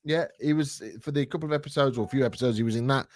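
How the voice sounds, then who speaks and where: A man's voice: medium pitch, rapid-fire, dry recording, clean studio sound. A man co-hosting a casual chat show, blunt, dismissive and jokey. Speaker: podcast co-host.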